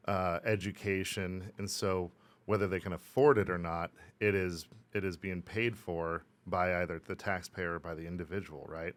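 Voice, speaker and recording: A man with a very low voice co-hosts a relaxed podcast conversation. He talks in long, rambling stretches and works his way round to a point as he argues the other side. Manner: rambling, playing devil's advocate. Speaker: podcast co-host. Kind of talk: casual podcast discussion.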